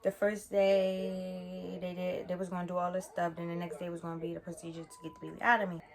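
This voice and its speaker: A woman's voice: on the low side, completely flat delivery, fairly quick. Rambling young woman telling a story. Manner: casual, rambling, self-correcting with many fillers. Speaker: vlogger. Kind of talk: storytime vlog. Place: her bedroom.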